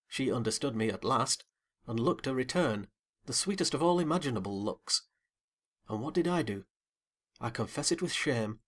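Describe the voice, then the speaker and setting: Guy reading an old novel audiobook, mid pitch, lively dramatic first-person storytelling. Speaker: audiobook narrator. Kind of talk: expressive audiobook narration.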